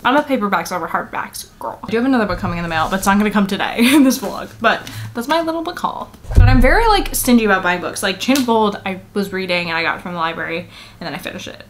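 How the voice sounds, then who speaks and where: A young woman giving a casual book vlog from her apartment, tired from little sleep, rambling with many fillers and quick laughs. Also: medium pitch, a bit bright, slight background noise. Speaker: book vlogger. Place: apartment at home.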